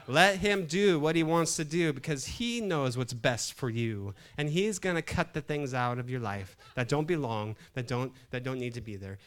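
A man's voice: medium pitch, smooth. A middle-aged man, a pastor, telling a funny story from the pulpit with frequent laughs. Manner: laughing often, animated storyteller. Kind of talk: humorous sermon storytelling.

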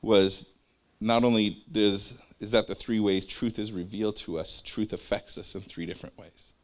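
A man with a lowish voice teaching from faith in a casual, loose way. He keeps drifting into personal stories and says so himself, filling gaps with small hesitations. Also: fairly even intonation, normal speed. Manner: rambling, jumps between stories; conversational, with fillers.

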